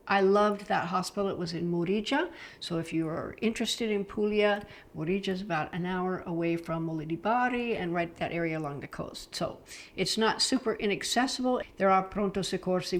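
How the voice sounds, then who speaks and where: A middle-aged woman from the United States chatting casually about travel, enthusiastic and loose, with frequent fillers. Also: on the low side. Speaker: travel vlogger.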